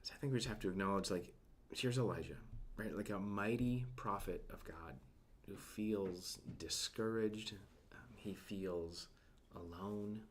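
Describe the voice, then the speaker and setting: With a voice on the low side and a measured pace, a man gives an easygoing devotional talk amid slight background noise. He uses plenty of fillers, often asks his listeners questions, and drops to a soft near-whisper when emotional.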